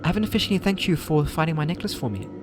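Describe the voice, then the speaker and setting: Man reads a poised senior schoolgirl; kind, calm, a touch raised in pitch. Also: rapid-fire, over music, close to an everyday voice. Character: polite, capable teenage schoolgirl, a senior. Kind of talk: reading game dialogue aloud.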